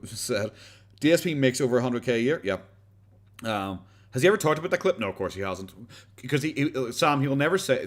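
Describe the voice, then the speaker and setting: A man with an Irish accent hosting a live stream and chatting casually with viewers. He talks in a rambling, blunt way, swears freely, restarts his sentences and laughs often. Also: on the low side. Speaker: livestream host.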